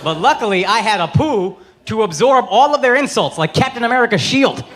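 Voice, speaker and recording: A man in his thirties doing stand-up comedy, loud, brash and profane, shouting his punchlines. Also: high-pitched, expressive, a little fast, noisy background. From United States. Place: large theater on stage. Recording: live stage recording with loud crowd laughter. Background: loud audience laughter.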